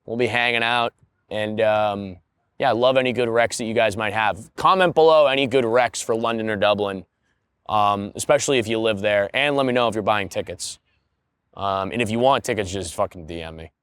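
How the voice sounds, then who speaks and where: A man's voice: on the low side, brisk, clear, resonant tone, no echo. Laid-back crude-joking male podcast host. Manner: laid-back, crude jokes, bursts into loud mock-announcer parody. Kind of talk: casual solo podcast chat.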